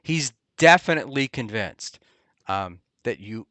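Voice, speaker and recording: A man hosting a casual talk show, rambling and halting with many ums and restarts. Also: medium pitch, lively intonation, bright, forceful tone, dry recording. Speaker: podcast host. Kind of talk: casual chat. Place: Hoboken area, New Jersey.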